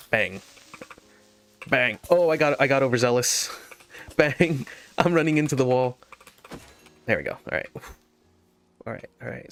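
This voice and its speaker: While playing a game, a man hosting a gaming video tells a rambling story packed with fillers and nervous laughs. His voice is medium-pitched, with slight background noise.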